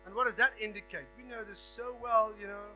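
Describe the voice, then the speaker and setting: A man preaching a sermon as a guest preacher, emphatic, swinging between a hush and raised stress, often repeating words as he builds a point. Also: sits high, steady tone, brisk, faint music behind, poor audio. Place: church hall. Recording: faint mains hum.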